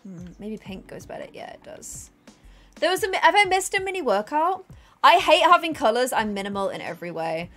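A young woman streaming a game, chatting casually and thanking viewers, self-deprecating and bursting into excited squeals. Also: high-pitched, fairly quick, soft background music. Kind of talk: casual livestream chat.

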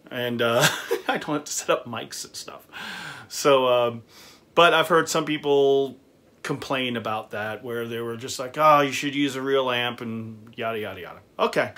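A man talks through a guitar review in a loose, conversational way. His pitch sits in the middle of the usual range. He fills pauses with small sounds and laughs easily. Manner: relaxed, chatty, frequent fillers and laughs. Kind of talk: casual gear review.

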